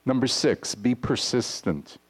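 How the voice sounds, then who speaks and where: A man preaching a sermon to his congregation, earnest and deliberate, reading scripture aloud. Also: mid-range voice, expressive, breathy edge. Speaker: pastor. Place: congregation hall.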